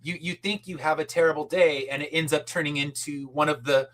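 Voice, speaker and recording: A man's voice: a little high, fairly even intonation, fairly quick, a bit bright. A middle-aged man, a podcast guest, telling a story in casual chat and acting out the people he quotes, with casual swearing.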